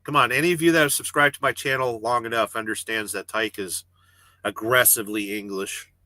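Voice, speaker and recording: A man hosts a casual livestream from the cab of his parked truck and reads out viewer comments. He rambles and jokes, cursing freely. His voice is bright and tense, and it sounds dry and close. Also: lowish voice, steady tone, fairly quick, dry recording. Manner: rambling, joking, swears freely. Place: parked truck cab with refrigerated trailer running.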